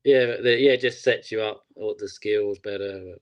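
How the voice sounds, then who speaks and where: Soft-spoken English man, brief answers. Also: lowish voice, fairly even intonation, moderate pace, lo-fi sound. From England. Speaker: guest, pro enduro rider. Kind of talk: casual interview chat.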